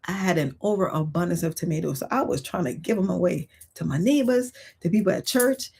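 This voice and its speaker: Husky-voiced woman chatting on a livestream. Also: lowish voice, fairly quick. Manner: chatty, expressive, reads viewer comments aloud. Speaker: livestream host. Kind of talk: casual storytelling chat.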